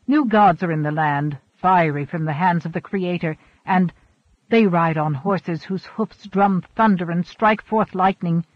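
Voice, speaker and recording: A man reading the part of a bold, boastful young hunt leader in an audiobook, speaking loudly and defiantly. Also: sits high, unhurried, dry recording. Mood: exalted. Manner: loud, emphatic, defiant. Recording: dull, dry recording.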